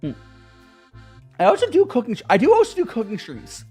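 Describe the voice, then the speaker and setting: A woman streamer chatting casually with her viewers, bubbly and quick to laugh. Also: a little high, wildly swooping pitch, dark tone, husky, soft background music.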